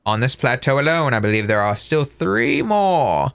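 A man reading an elderly monk's game lines aloud in a slightly lowered voice. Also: very animated, normal speed, a bit bright, smooth. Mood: sage. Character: elderly male monk, slow and knowing.

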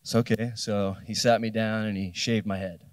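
The voice is on the low side with a level tone and normal speed, recorded dry. It belongs to a New Jersey man in his fifties delivering a live storytelling keynote at a festival, voicing the dialogue of his personal tale.

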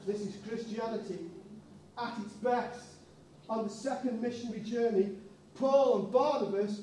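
Man preaching, high voice, acts out story characters, big echoing church hall heard from a distance. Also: moderate pace, warm tone. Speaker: pastor. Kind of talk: sermon. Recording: echoey church hall, mic far off.

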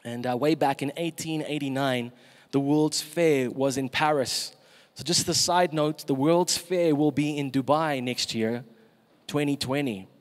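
A man's voice: medium pitch, fairly even intonation, measured pace, long reverb tail. A man preaching a sermon in a church, emphatic and asking the congregation questions.

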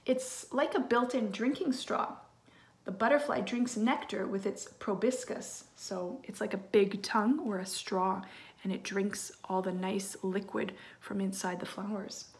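Gentle woman reading a picture book aloud. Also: mid-range voice, steady tone, measured pace. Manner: gentle, hushed asides to children.

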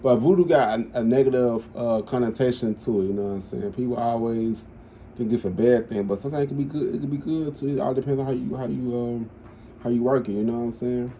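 A man with an extremely dark, mellow voice, casually explaining his view to friends. He circles back and repeats his points in an easygoing way. Faint noise sits under the recording. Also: mid-range voice, fast. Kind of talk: casual chat.

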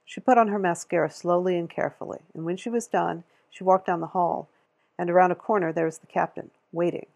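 A woman reading a novel aloud in a steady, measured way, with a gravelly, husky voice. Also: fairly low pitch. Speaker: audiobook reader.

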